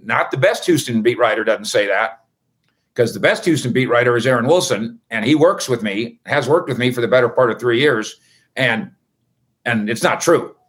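A man's voice: mid-range voice, lively intonation, normal speed, fairly bright tone. A man hosting a casual sports recap, chatty and wisecracking with rambling asides. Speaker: sports reporter host.

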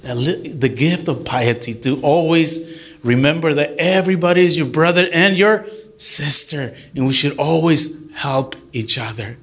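Middle-aged guy deacon talking to church group, earnest and lively, slips into spanish, voice a bit on the high side. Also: measured pace. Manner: earnest, animated, switches between English and Spanish. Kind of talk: informal church talk to a group.

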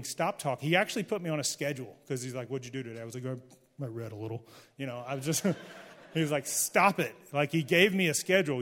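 A middle-aged pastor with a medium-pitched voice preaches a sermon before a live audience in a church hall. He's candid and conversational, joking with his listeners, and his words trail off in a long reverb tail.

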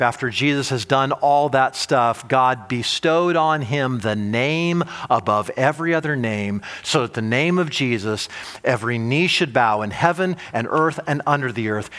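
A male pastor preaching a sermon, animated, asking the audience rhetorical questions and often restarting and repeating words. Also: mid-range voice.

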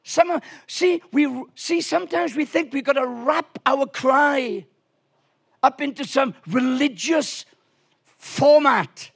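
A man preaching a lively sermon in a church, animated and swinging from quiet asides to shouts. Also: extremely high pitch, takes it slowly, creaky. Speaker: pastor.

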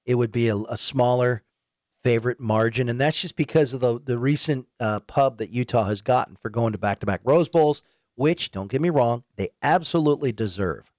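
A man's voice: medium pitch, normal speed, no room sound, clean studio sound. A man hosting a sports talk radio show, chatting casually and acting out fans' reactions in a raised voice. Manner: animated, quotes imagined fans in raised voice. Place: radio studio.

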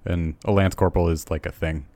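A man's voice: low-pitched, fairly even intonation, fairly quick, dark tone, dry recording. A man in casual chat, correcting himself and apologizing often. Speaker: podcast co-host.

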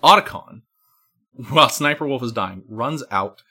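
A man's voice: medium pitch, animated, unhurried, very noisy. A man co-hosting a casual discussion, lecturing at length and checking in with "right?". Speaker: podcast co-host.

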